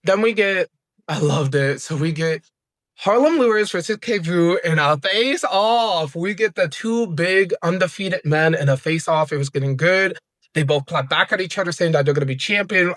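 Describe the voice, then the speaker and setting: A man recapping wrestling episodes in a casual, excitable, slangy way, acting out the wrestlers' lines as he goes. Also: on the high side, fairly quick, no echo. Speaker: wrestling review host.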